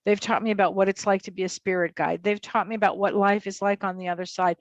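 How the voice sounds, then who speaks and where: Brief: woman guest, animated storyteller, dull dry recording. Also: no room sound. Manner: animated, acts out quotes in high voices. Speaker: psychotherapist and medium guest. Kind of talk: storytelling in an interview.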